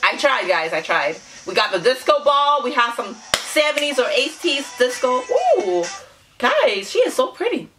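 A woman's voice: high-pitched, very animated, moderate pace, over music. A woman hosting a casual reaction vlog, bubbly and giggly, gushing out exclamations to her viewers. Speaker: YouTube reaction host.

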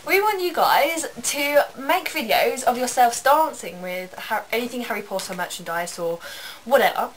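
A woman's voice: fairly high pitch, lively intonation, normal speed, slight background noise, poor audio. A woman co-hosting a vlog, chatting casually in an emphatic way. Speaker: vlog co-host. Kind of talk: casual chat.

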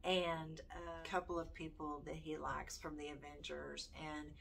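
Older southern grandma vlogging, folksy and chatty, slow easy talk. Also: female voice, sits low, flat delivery, gravelly, fairly bright tone, slight background noise. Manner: chatty, folksy, reads book titles aloud. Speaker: homeschooling vlogger. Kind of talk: casual chat to camera.

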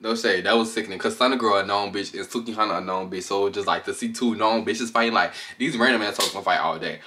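A man giving casual reaction commentary as a vlogger, gossiping in an animated, profane way, recorded on a camera on a tripod. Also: lowish voice, fast talker, slight background noise.

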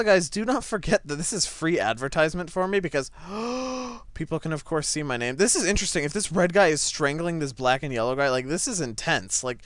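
A young man talks through his gameplay in a high, bouncy voice that swings wide. His tone is smooth and clear, and the room sounds dry and close. He gets excitable and yelps when things go wild. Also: dry recording. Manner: excitable, yelps and laughs at big moments. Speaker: gaming channel host. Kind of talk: gameplay commentary. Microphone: desk microphone set back a little.

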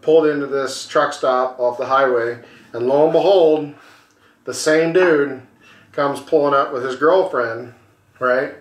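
Animated, swearing storyteller man, roomy sound. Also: medium pitch, a little slow. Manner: animated storyteller, acts out voices, swears freely. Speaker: podcast co-host. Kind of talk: casual storytelling over a beer.

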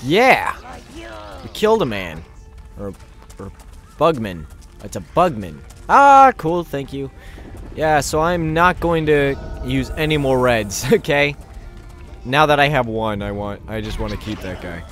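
Hoarse joking man gaming. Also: medium pitch, lively intonation, unhurried, long pauses, a bit bright, soft background music. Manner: crude, joking, rambling. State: hoarse, gravelly voice. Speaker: gamer. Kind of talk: casual let's play commentary.

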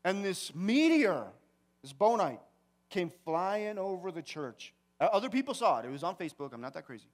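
A man with a fairly high voice delivers a sermon in a church. He talks casually with the congregation and acts out his own story with sudden loud outbursts and quiet asides. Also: normal speed. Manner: animated storytelling, swings from quiet to shouting. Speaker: pastor. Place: church sanctuary.

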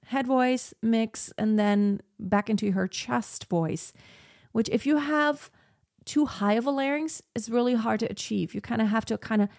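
A woman's voice: a little high, darkish tone, dry recording, clean studio sound. A young adult woman vocal coach reacting in casual, enthusiastic commentary, now and then singing short demonstrations.

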